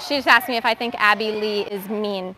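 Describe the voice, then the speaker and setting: A young woman coaching young gymnasts through a live bar practice, giving brisk, encouraging instructions. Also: mid-range voice, steady tone, pushed and bright, a little hiss or hum. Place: gymnastics gym.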